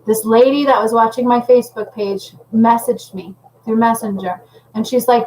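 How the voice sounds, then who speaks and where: A woman's voice: on the high side, fairly even intonation, moderate pace, a little mellow, a little hiss or hum, rough recording. A woman working as a spiritual healer and medium, talking casually and intensely to viewers on a livestream, rambling and often checking in with "okay?".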